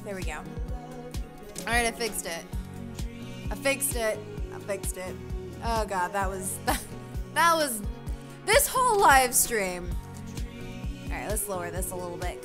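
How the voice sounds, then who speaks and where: A woman streaming a game, chatting casually and giggling as she greets her chat and reads along. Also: medium pitch. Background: faint game music.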